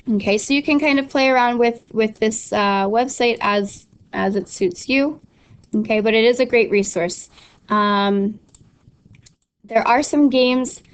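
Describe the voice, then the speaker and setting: A slightly high, smooth female voice belongs to a young adult Spanish teacher giving a screen-recorded tutorial. She walks through an online study tool in a casual, instructive way, with lots of ums and restarts.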